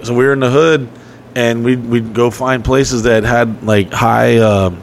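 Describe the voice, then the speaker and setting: A man's voice: medium pitch, steady tone, a little slow, slight background noise. A man casually telling long, profane stories on a podcast, laughing as he goes. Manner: profane, rambling, laughing storyteller. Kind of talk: casual storytelling chat.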